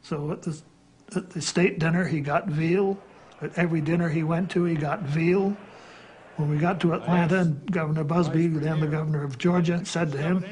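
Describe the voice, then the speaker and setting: Higher-voiced man telling anecdotes. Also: steady tone, normal speed, darkish tone, breathy edge. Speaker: interviewee. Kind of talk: recounting anecdotes in an interview.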